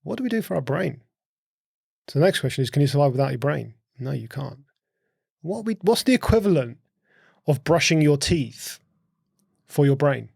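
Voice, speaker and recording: A man talks on a podcast in a gravelly, creaky voice and works through his points with rhetorical questions. He often repeats words as he thinks. The sound is dry and close, with no room echo. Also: a little high, very animated, moderate pace, pauses often, a little mellow. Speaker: podcast guest, host's husband. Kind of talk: casual conversational explaining.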